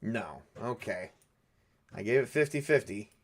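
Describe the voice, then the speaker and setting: A man with a fairly low voice and lively intonation narrates a solo tabletop game as its game master. He takes his time, rambling and thinking aloud while he rolls the dice.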